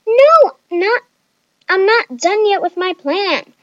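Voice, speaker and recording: Brief: woman playing a dramatic, easily panicked young woman, very high and shrill. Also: sing-song, measured pace, no echo, muffled recording. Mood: panicky. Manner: shrill and whiny.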